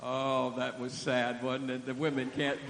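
A man's voice: mid-range voice, monotone, measured pace, very noisy. A man preaching as a guest speaker, folksy and joking, leading the crowd from a stage. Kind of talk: sermon. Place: church hall with a stage. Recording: echoey hall.

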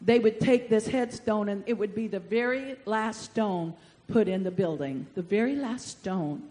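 A woman pastor preaching a fervent sermon, drawing answers from the congregation and rising to shouts. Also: mid-range voice, measured pace. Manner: call-and-response with congregation.

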